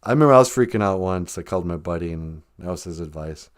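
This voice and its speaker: A man's voice: sits low, lively intonation, fast talker. A man hosting a podcast, musing in a laid-back, self-mocking way. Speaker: podcast host. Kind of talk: casual chat.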